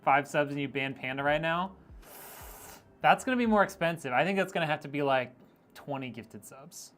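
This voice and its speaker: A man's voice: on the high side, animated, moderate pace, a bit bright, faint music behind. Joking man reading a live chat. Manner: joking, teasing, laughs often. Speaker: streamer building PCs. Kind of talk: casual live-stream chat reading viewer messages.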